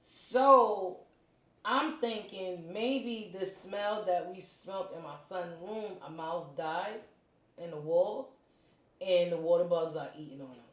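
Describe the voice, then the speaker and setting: A middle-aged woman hosting a livestream from her home, telling a story in a casual, animated way and acting out the quotes. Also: on the low side. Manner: animated, acts out quotes, quick asides. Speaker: livestream host. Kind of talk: casual storytelling to a live chat. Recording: roomy echo.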